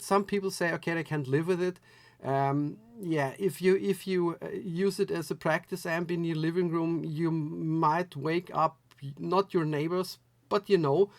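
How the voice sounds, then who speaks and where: A man's voice: a little high, dry recording. A man from Austria, German, giving a casual, rambling gear review with many restarts. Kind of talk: casual product review vlog.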